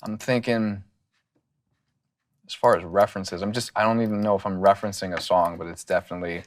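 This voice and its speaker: Low-voiced man coaching in a studio. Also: steady tone, fairly quick. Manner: loose, thinking aloud, hums melody ideas in falsetto. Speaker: songwriting teacher and producer. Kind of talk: casual studio songwriting session. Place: recording studio.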